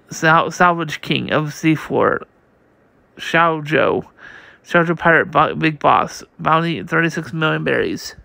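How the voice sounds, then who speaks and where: Slow, gravelly man reading comics. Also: on the high side, sharp tone, dry recording. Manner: halting, slow reading with many restarts. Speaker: comic reader.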